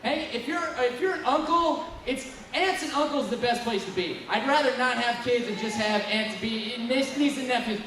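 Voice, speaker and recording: A man in his twenties doing a profane, rambling stand-up set with loud bursts of yelling, working the crowd at a bar. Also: very high-pitched, moderate pace, hardly any pauses. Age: 20s. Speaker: stand-up comedian. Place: bar stage with a live crowd. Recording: far-off echoey bar recording with noise.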